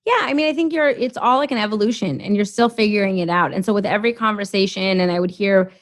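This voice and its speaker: A woman's voice: medium pitch, fast, no room sound. Chatty woman, dry close sound. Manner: chatty, heavy use of "like", animated storytelling. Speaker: podcast guest. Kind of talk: casual interview chat.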